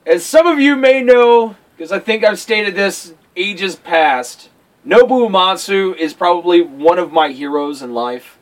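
A man's voice: sits high, measured pace, low-quality recording. A man on a casual podcast, telling stories animatedly and with lots of swearing, acting out what people say. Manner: profane, animated storytelling with acted-out quotes. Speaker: podcast co-host. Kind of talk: casual chat.

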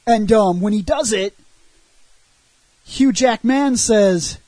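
Man, husky voice, high pitch, casual film chat, animated retelling, swears freely. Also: slow pace, long pauses, dry recording, poor audio. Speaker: podcast co-host reviewing a film.

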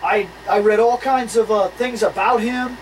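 A podcast co-host telling stories in casual chat, animated and swearing freely, laughing between lines. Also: mid-range voice, normal speed, recorded from a distance, slight background noise, poor audio.

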